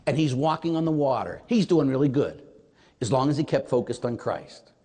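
A man who is a priest, preaching a sermon in a conversational, animated way, often checking in with his audience. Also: medium pitch, normal speed, breathy edge. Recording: long hall reverb.

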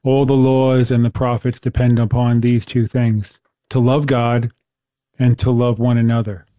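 A man's voice: medium pitch, level tone, measured pace, no echo, dull audio. A man hosting a casual conversation about faith, talking earnestly and telling stories, often restarting his sentences. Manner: earnest, storytelling, with frequent restarts. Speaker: host.

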